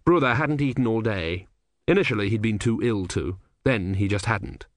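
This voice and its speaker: A man narrating a comic fantasy novel in a wry, expressive storytelling manner. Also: fairly low pitch, normal speed, no room sound, studio quality. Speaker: audiobook narrator.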